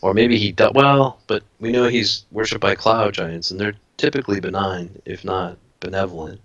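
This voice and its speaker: A man talks through a tabletop game in a thoughtful, cautious way, starting over mid-sentence as he works his ideas out. His voice sits on the lower side. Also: fairly even intonation, moderate pace, a bit bright, dull audio. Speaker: player. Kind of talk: casual tabletop game talk.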